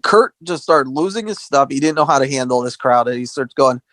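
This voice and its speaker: A man's voice: medium pitch, brisk, dry recording. A man co-hosting a podcast, chatting casually and acting out quotes as he retells wrestling stories. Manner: animated storyteller acting out quotes. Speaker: podcast co-host.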